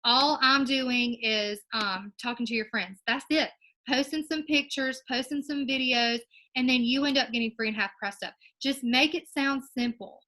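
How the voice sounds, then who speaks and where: A woman's voice: high voice, steady tone, normal speed, sharp tone, rough recording. A young woman giving her sales team a casual, encouraging coaching talk, with plenty of ums along the way. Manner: upbeat and encouraging, with many ums. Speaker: direct sales team leader.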